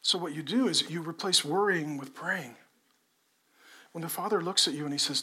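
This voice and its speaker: A middle-aged male pastor preaching a sermon to a congregation, swinging between loud delivery and hushed, intimate talk. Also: on the high side, normal speed, breathy edge. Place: church before a congregation.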